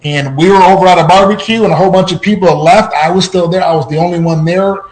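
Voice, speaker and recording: A man telling personal stories on a podcast in an animated way, his voice jumping up at tense moments, with frequent restarts. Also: sits high, quick pace, rough recording. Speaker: podcast guest. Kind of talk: personal storytelling.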